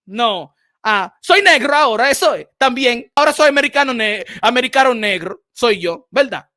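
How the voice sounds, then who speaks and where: A man hosting a boxing channel, giving animated livestream commentary, switching between English and Spanish and repeating phrases for emphasis. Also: extremely high pitch, fairly quick, no echo.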